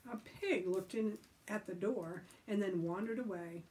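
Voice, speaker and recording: Slow-reading woman narrator. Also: mid-range voice. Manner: slow, steady storytelling. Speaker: library story reader. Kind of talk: reading a chapter book aloud. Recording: voice from a distant mic.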